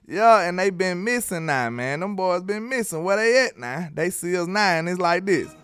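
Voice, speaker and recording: A man with a Southern accent talks sports in a loose, playful way, reading out his chat and joking at rival fans. His voice sits a little high and smooth. The sound is dry and close. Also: moderate pace, hardly any pauses, no echo. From Alabama. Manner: animated, playful, talks trash. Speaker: sports commentator. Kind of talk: casual sports talk with live chat.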